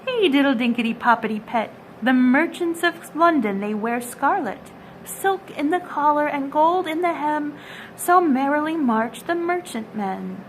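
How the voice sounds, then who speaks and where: Rude little storybook mice chanting rhymes lady doing the voices, high and bouncy. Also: expressive, unhurried, a little hiss or hum, poor audio. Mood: gleeful. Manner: sing-song, gleeful. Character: cheeky little singing mice.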